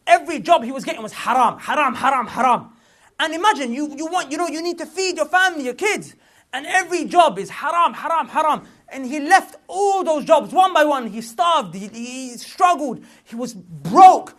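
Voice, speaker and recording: Male preacher, high and swooping, lecturing a young crowd with emphatic repetition and street slang. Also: normal speed. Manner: animated, repeats points for emphasis, slips into street slang. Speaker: Islamic preacher. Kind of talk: lively religious lecture to a young audience.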